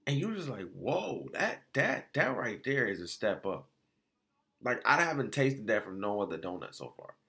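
A man casually reviewing food spots in a vlog, telling it as an animated, slangy story full of restarts and quoted exchanges. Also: fairly low pitch, moderate pace, gravelly.

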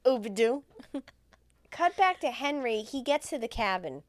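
A woman co-hosting a podcast, retelling a film in a casual, profane, animated way and acting out the characters' lines. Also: on the high side, moderate pace, no echo. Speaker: podcast co-host recapping a film. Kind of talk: casual chat.

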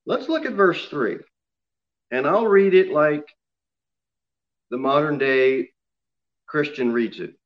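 A man's voice: fairly high pitch, lively intonation, takes it slowly, long pauses, lo-fi sound. A man preaching a sermon to his congregation in an emphatic way, often asking them questions. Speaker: pastor.

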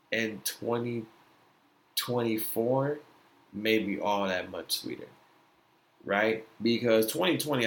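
A man's voice: on the low side, a bit bright. A young American man hosting a podcast, rambling through his opinions in loose slang and often asking "you know what I'm saying". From United States. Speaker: podcast host. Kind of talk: casual opinion talk.

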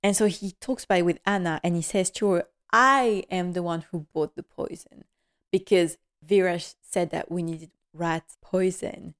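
A woman's voice: lowish voice, fairly even intonation, normal speed, clear, resonant tone. Chatty woman recapping episodes. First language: French. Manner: chatty, retells scenes and quotes characters. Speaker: podcast host. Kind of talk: casual episode recap and commentary.

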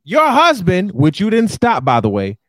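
A man with a high voice co-hosts a casual podcast and rants in a profane, emphatic way. His voice is dry and close, with no room sound around it. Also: moderate pace, no room sound. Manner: animated, profane, emphatic ranting. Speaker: podcast co-host. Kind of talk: casual chat.

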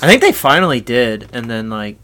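A man's voice: mid-range voice, a little fast. A young man recalling golf stories with friends in casual podcast chat, laughing along. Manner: lively, laughing recollection. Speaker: podcast co-host.

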